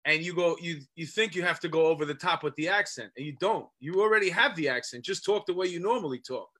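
A man's voice: a little high, fast talker. A man with a New York accent, an actor, talking emphatically in casual chat with plenty of fillers. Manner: emphatic, animated, many fillers. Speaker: actor, co-host.

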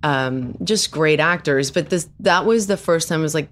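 A woman's voice: deep voice, normal speed, a bit bright. A woman from South Africa, a guest in a casual podcast interview, talking in a playful, teasing way. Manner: playful, teasing, laughs often.

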